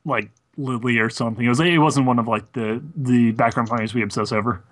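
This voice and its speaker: A man's voice: mid-range voice, fairly even intonation, fairly quick, a bit bright. A man co-hosting a casual podcast, talking at length and explaining his views. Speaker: podcast co-host. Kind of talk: casual chat.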